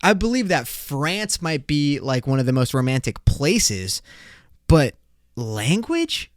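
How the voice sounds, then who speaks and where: A young man hosting a solo podcast, ranting in an excitable, profane, slangy way. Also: on the high side, unhurried, dry recording, clean studio sound. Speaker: podcast host.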